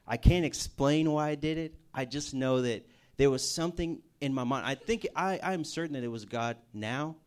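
A man's voice: medium pitch, normal speed, hardly any pauses, clean tone. A man preaching a personal testimony, telling it as a casual story with jokey asides. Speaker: campus ministry speaker.

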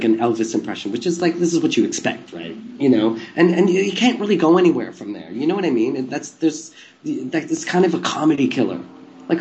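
A man at a middle pitch tells a long story in a loose, rambling style. He laughs often, swears freely and keeps adding "like" and "you know." He sounds like a guest swapping stories in a relaxed chat. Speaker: guest, former live TV presenter.

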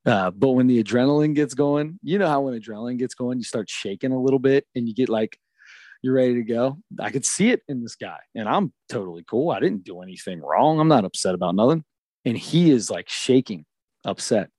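A man, a youth baseball coach, telling a story in an animated, emphatic way during a casual podcast chat on a close mic. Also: medium pitch, a little fast, dry recording.

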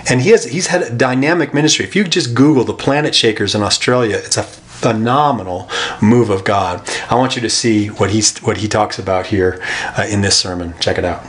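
A man's voice: on the low side, brisk, a little hiss or hum. A man preaching a sermon in a conversational way, with rhetorical questions. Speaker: pastor.

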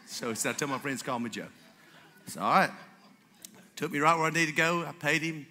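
A man preaching a sermon, acting out the voices in his stories with lively energy. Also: on the high side, a little fast, a little hiss or hum. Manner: animated storyteller acting out dialogue. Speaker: pastor. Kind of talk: sermon with storytelling. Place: church sanctuary with congregation. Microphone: stage microphone. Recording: reverberant church hall.

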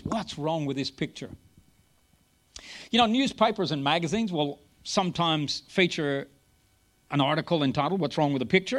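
A man preaching a sermon in an auditorium, reading scripture and telling stories with quick humorous asides. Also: on the high side, a bit bright. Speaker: pastor.

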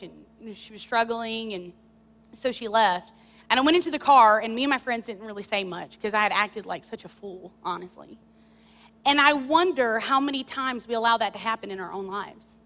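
Woman preacher, bright higher voice, animated candid storytelling, long hall reverb. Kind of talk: sermon with personal story.

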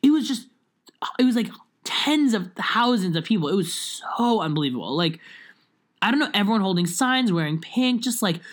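A woman's voice: mid-range voice, animated, moderate pace. A young woman chatting casually as a podcast co-host. She rambles, with lots of fillers and restarts. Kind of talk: casual chat.

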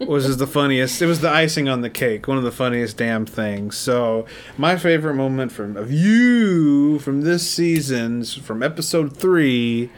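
A man's voice: medium pitch, lively intonation, measured pace, few pauses. A man hosting a podcast, teasing his co-host in rambling casual chat. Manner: teasing, rambling, stammering restarts.

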